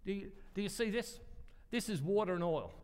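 A man's voice: sits high, expressive, brisk, a little mellow. A man preaching a sermon, telling a story in a chatty, self-deprecating way and acting out the voices he quotes. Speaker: pastor. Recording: long hall reverb.

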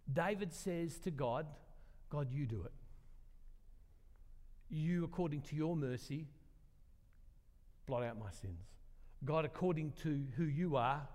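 A man's voice: a little high, darkish tone, big-room sound. An older man, preaching a sermon in a conversational way, questioning the congregation and joking about himself. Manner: conversational, asks the congregation questions, self-deprecating humor.

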